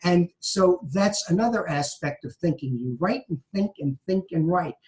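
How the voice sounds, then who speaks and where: A man's voice: sits high, expressive, moderate pace, darkish tone, low-quality recording. A man from New York with a light Brooklyn accent, a law professor giving emphatic advice and repeating his key phrases. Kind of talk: conversational advice talk.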